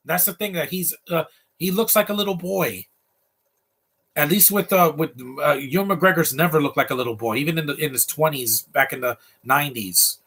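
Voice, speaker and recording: A man's voice: fairly high pitch, normal speed, fairly bright tone, husky. A man giving casual, opinionated live commentary while watching a movie, ranting freely.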